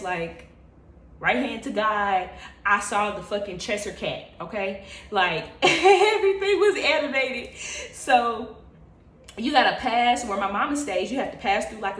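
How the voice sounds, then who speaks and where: A woman vlogger telling a story in an animated, expressive, profane casual way. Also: medium pitch, measured pace, reverberant.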